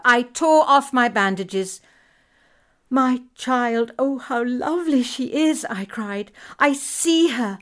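A woman reading a story told in letters aloud, expressive and measured. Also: medium pitch. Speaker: audiobook reader. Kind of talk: scripted narration of letters.

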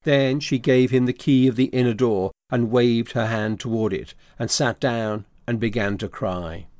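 Dry, steady male audiobook narrator. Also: mid-range voice, unhurried, no echo. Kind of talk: scripted narration of a classic novel.

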